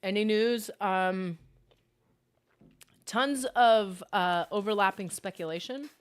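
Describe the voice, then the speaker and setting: A young adult woman hosting a casual gaming livestream, chatty and excitable, reading chat aloud and reacting. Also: medium pitch, slow pace, smooth. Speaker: livestream host.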